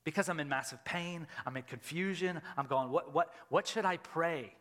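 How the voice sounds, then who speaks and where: A middle-aged man, a lead pastor preaching a sermon, telling a personal story and loudly acting out his own reactions. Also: a little high, moderate pace. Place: church sanctuary. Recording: church hall with long reverb.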